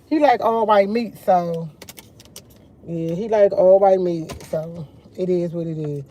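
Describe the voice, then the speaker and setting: A woman's voice: fairly low pitch, measured pace, muffled recording. A woman chatting casually to her viewers over morning coffee, rambling and repeating herself as she tells stories. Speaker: vlogger.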